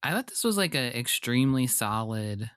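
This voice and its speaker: Male podcast co-host, mid-pitched voice, dry sound, agreeable and laughing. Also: sing-song, a bit bright, smooth, dry recording. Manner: agreeable, quick to laugh, many short backchannels. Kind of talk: casual podcast chat.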